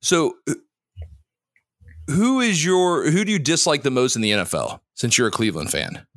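A man's voice: medium pitch, very animated, normal speed, a bit bright, no room sound. Man, podcast host, casual chat, teasing questions, frequent restarts, dry close sound.

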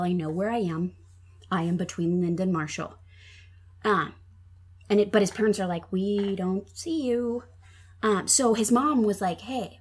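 A woman from Minnesota walks through a true crime case in a relaxed, chatty way, full of ums and likes. Her voice has a husky edge. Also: medium pitch. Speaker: podcast guest telling a true crime case. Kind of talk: casual storytelling chat.

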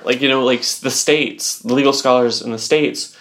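A young woman co-hosts a relaxed podcast, explaining at length. Her talk rambles, thick with "like" and "um" as she works through her points. It is an easy, conversational chat. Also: rumbling low, moderate pace. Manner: rambling explainer, heavy use of "like" and "um". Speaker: podcast co-host.

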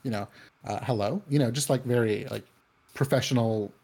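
A man's voice: mid-range voice, a little fast, gravelly, darkish tone. Rambling man in casual chat. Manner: rambling, many fillers and restarts; acts out quoted voices in anecdotes.

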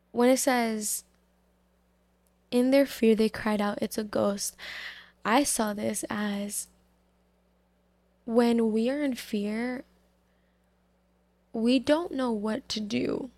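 A woman giving a casual devotional talk, reflecting slowly and haltingly on scripture with many fillers. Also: on the high side, fairly even intonation, a little mellow, no echo. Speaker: Bible study speaker.

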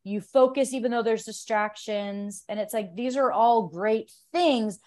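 A woman's voice: on the high side, a little slow, darkish tone. A woman from the United States, a jiu-jitsu athlete on a podcast, talking earnestly in long, run-on thoughts. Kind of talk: casual conversation.

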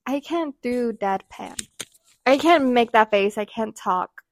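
A young woman co-hosting a podcast in casual chat, animated and chatty, laughing often and swinging quickly between loud and soft. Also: a little high. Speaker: podcast co-host.

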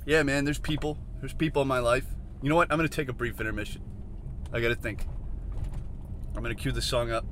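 A man hosting a solo podcast from inside a car, rambling and questioning himself, swinging from mutters to shouts. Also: medium pitch, steady tone, fast, long pauses, a little hiss or hum. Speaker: podcast host.

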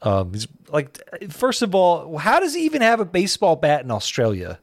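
A man co-hosting a podcast, chatting casually, skeptical and halting, with frequent restarts. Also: on the high side, wildly swooping pitch, no room sound. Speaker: podcast co-host. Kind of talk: casual chat reviewing a web series.

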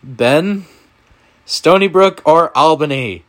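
A man hosting a casual sports picks podcast with friends, running the games in a playful, animated way. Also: fairly high pitch, slow pace. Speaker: podcast host.

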